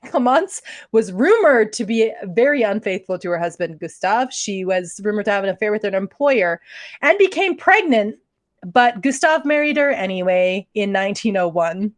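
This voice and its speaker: A woman's voice: mid-range voice, sing-song, moderate pace, no echo. A woman co-hosting a podcast, telling a true crime story in casual chat, chatty and often breaking into laughter. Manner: giggly, chatty, trails into laughs. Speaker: podcast co-host.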